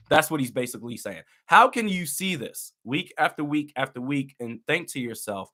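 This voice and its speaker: A young man giving live reaction commentary on a football game as a fan, animated and exasperated, with loud outbursts. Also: mid-range voice, moderate pace, hardly any pauses.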